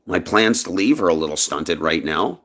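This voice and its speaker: A man from Canada giving an impassioned personal monologue in his own vlog, speaking emphatically. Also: moderate pace. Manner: emphatic, impassioned, lively swings in pitch. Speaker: vlogger.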